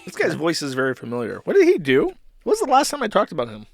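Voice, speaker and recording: A man's voice: a little high, wildly swooping pitch, fast talker, vocal fry, no echo. A man hosting a live stream, reading posts and mocking them in a rambling, swearing commentary. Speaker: streamer host.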